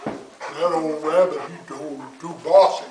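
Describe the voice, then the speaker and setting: A man voicing a slow, doubting male bear who grumbles and scoffs in a drawl. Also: on the high side, fairly even intonation, voice pushed down. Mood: grumbling. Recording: distant echoey noisy home recording.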